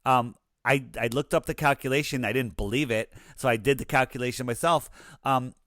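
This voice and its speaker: A man talking casually as an interview guest, telling anecdotes in an animated way and acting out the dialogue he quotes. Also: mid-range voice, fairly quick, no echo, studio quality. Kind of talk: casual conversation.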